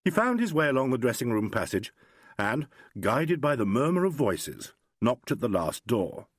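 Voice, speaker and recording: A man reads a crime audiobook with measured, expressive narration. His pitch moves in a lively way, and the recording is dry and close with no room in it. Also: breathy edge, no echo. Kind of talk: scripted narration.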